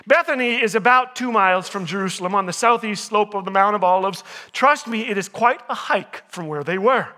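A man's voice: high-pitched, sharp tone. A man giving a humorous sermon to a college audience, asking them questions, joking, and acting out the lines of the story. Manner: jokey, asks the audience questions, acts out quotes. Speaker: chapel speaker.

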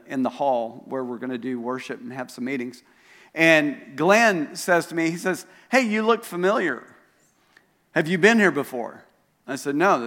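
A man's voice: fairly high pitch, fairly bright tone. A pastor telling a story during a sermon, animatedly acting out the voices of the people he quotes. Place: church auditorium. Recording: live sermon in a reverberant hall.

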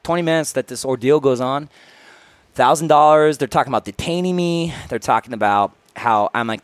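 A man's voice: mid-range voice, fairly quick, dry recording. A young man, a podcast co-host, insistently telling a story to friends in casual chat. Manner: insistent, keeps retelling his story in order.

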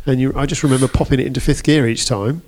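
Man, mid-pitch, racing guest, enthusiastic recollection. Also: fairly even intonation, very fast, darkish tone. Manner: earnest and enthusiastic, repeats words for emphasis. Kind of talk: conversational recollection.

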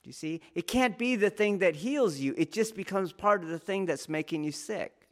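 A man's voice: sits high, animated, normal speed. Man lecturing students, emphatic. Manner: rambling, laughs often, asks "do you see?". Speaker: martial arts instructor.

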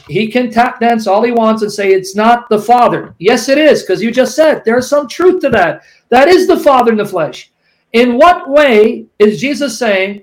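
A man's voice: extremely high pitch, poor audio. A man debating, combative, who quotes scripture at length and presses his opponent with pointed questions. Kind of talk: heated debate.

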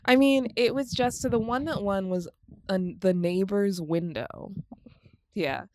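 A woman's voice: mid-range voice, unhurried, a little mellow, a little hiss or hum. A woman co-hosting a podcast, recapping films in a rambling, casual chat, laughing often and swearing freely. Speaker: podcast co-host.

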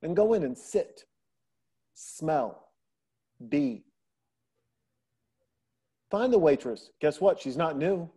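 A middle-aged man shares family stories during a relaxed podcast chat, animatedly performing the quoted voices of the people in them, including his daughter. His voice sits a little high and sounds slightly rough, and he speaks slowly with frequent pauses.

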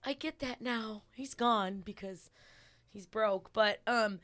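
A woman's voice: fairly high pitch, slow pace, fairly bright tone, no echo, clean studio sound. A young woman comedian, a podcast guest, telling a story in casual chat, laughing as she acts out quotes.

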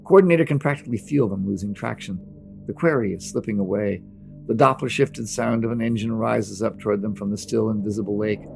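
A man narrates a novel in a steady, dramatic audiobook reading. His voice is low and strongly gravelly, with clear music playing beneath. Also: brisk.

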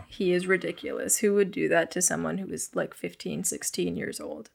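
A young woman, a guest in an interview, frankly recounting her past with blunt, profane, animated storytelling. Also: lowish voice, moderate pace, vocal fry, husky.

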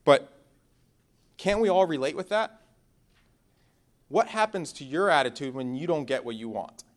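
A young man who is a pastor, preaching in a conversational, animated way, telling personal stories and moving between loud and hushed passages. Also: medium pitch, clear, resonant tone.

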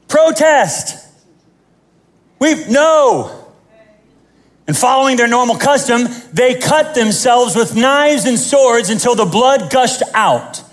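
A man preaching a sermon as pastor, animated and joking, acting out the scenes he tells. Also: very high-pitched.

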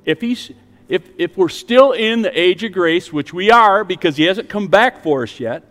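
Preaching pastor in a reverberant hall. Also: male voice, sits high, lively intonation, moderate pace. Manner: rising to emphatic preaching, dropping to soft prayer. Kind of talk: sermon with altar call. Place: church sanctuary with online stream.

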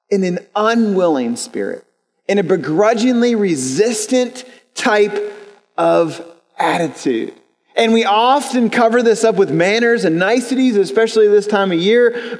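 A young adult man with a notably high voice preaches to his church, telling stories in an earnest, conversational way and often repeating a word as he restarts. His voice rings out with a long reverb tail from a large sanctuary. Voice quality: storytelling, earnest, repeats words when restarting. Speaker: pastor. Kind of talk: sermon. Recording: reverberant hall.

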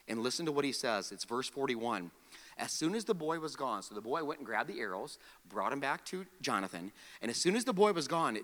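Bright, animated preacher in a reverberant hall. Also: male voice, high voice. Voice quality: animated storytelling, acts out the characters' lines. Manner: calls on the audience to repeat words. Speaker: pastor. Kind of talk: sermon.

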